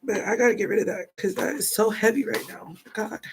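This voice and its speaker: A woman's voice: mid-range voice, fairly quick, slight background noise. A woman giving a rambling, chatty tarot card reading, thinking aloud as she goes. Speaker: tarot reader.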